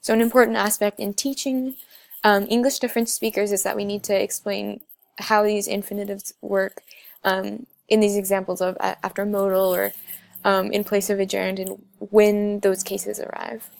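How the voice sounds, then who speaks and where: Young woman, student presenter, gravelly tone, dry close mic, explains slides with many ums. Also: medium pitch, flat delivery, normal speed, no echo.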